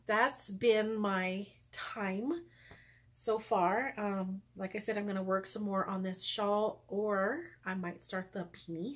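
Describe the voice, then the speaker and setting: A woman talks casually to her viewers about her crafting, upbeat and chatty. She fills pauses with ums and breaks into small laughs. Her pitch sits in an ordinary middle range. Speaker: knitting podcast host. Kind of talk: casual knitting vlog chat.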